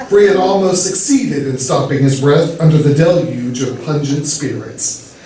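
A man reading a humorous story aloud with expressive storytelling delivery, performing at a church variety show. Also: mid-range voice, moderate pace, slight background noise. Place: church hall with audience. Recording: echoey hall from far off.

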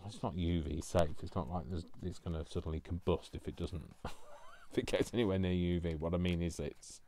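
Man, very low voice, rambling craft chat, self-mocking. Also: fairly even intonation, fairly quick, mellow. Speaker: craft vlogger. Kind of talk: casual chat while crafting.

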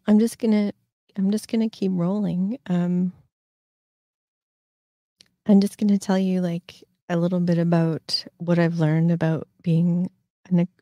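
A woman in her fifties hosts a casual livestream, rambling through stories with plenty of fillers and restarts. Her voice sits a bit low and sounds mellow, recorded dry and close. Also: dry recording, dull audio. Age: 50s. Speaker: host.

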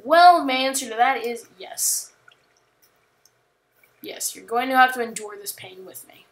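A woman chatting casually while playing a video game, rambling and joking, with sudden panicked yells. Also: high-pitched, unhurried. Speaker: gamer. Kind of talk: casual gameplay commentary.

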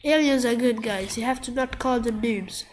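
High, sick-sounding excitable gamer woman. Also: normal speed, a little hiss or hum. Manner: excitable, yelps and trash talk at the screen. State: sick, coughing. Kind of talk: live gameplay commentary.

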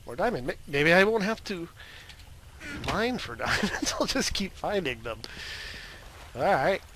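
A man's voice: sits high, lively intonation, measured pace, crowd noise. Goofy man rambling over gameplay. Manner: goofy, rambling, jokey asides. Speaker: gaming video host. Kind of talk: casual gameplay commentary.

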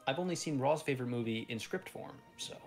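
A man's voice: medium pitch, fast, creaky, faint music behind. A man co-hosting a gaming stream, rambling and correcting himself, with the odd swear. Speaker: podcast co-host. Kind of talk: casual gaming stream chat.

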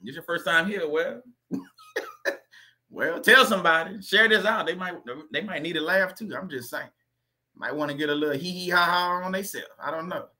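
A man hosting a livestream in a loose, rambling way, laughing often as he goes off on tangents. His voice is high and very bright, with a sharp edge. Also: moderate pace. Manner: rambling, laughing, chatty asides. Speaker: livestream host. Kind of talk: joking livestream talk.

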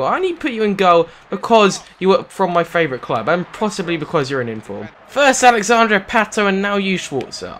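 A young British man giving gameplay commentary on a football video game, excitable and sarcastic, shouting at goals. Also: high-pitched. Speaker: gaming commentator.

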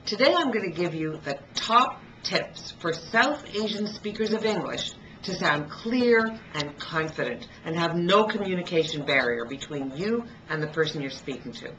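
A middle-aged woman giving a pronunciation lesson on video, speaking clearly and deliberately and slowing down to demonstrate sounds. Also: lowish voice, animated, fairly bright tone, slight background noise, poor audio. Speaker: pronunciation coach. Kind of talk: instructional video talk.

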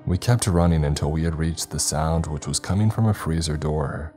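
A man narrating a first-person horror story in a measured, ominous way. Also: extremely low pitch, warm tone. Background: faint background music.

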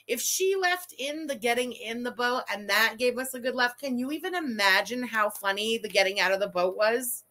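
A woman hosting a live stream, reacting to a video with excited, profane outbursts and frequent laughter. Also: on the high side, moderate pace, few pauses.

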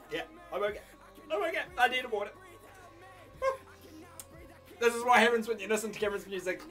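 New Zealand man, has a cold, excitable reaction commentary, very lively pitch, faint music behind. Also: fairly quick, pauses often. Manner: excitable, gushing, laughing and shouting often. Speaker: YouTuber reacting to an album. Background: music playing faintly.

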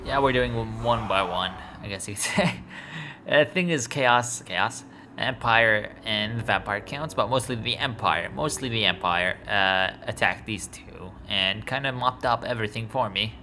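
A man's voice: on the low side, a little slow. A man giving casual, rambling commentary while playing a strategy game, stumbling over words and talking at the screen. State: sleepy, yawning. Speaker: let's play gamer. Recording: steady background noise.

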